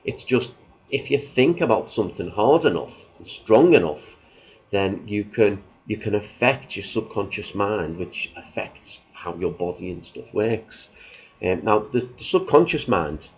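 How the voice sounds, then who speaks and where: A man's voice: on the low side, husky, rough recording. A man hosting a self-help video, explaining in a loose, casual way with everyday examples. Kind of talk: casual talk to camera.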